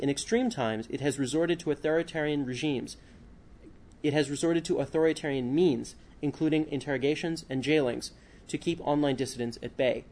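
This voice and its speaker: A man's voice: fairly high pitch, darkish tone. A male author speaking at a book talk, hesitant with many fillers, then reading a passage from his book.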